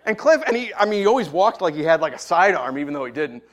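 A man preaching a sermon as pastor, telling stories with lots of energy and acting out shouted voices, then dropping to a soft, low tone for the message and prayer. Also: very animated, quick pace.

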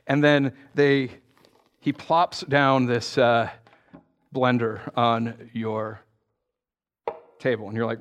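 A man's voice: mid-range voice, measured pace. A man preaching a sermon as pastor, telling jokey stories and asking the congregation questions. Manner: animated, joking storyteller who asks the congregation questions. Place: church.

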